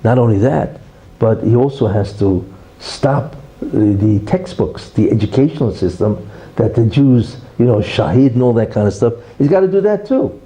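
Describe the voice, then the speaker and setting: A man's voice: medium pitch, lively intonation, normal speed, warm tone, rough recording. A man giving a religious lecture as a rabbi, emphatic and full of tag questions like "right?" and "you see". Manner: teaches through a parable, acting out the quarrel in raised voices.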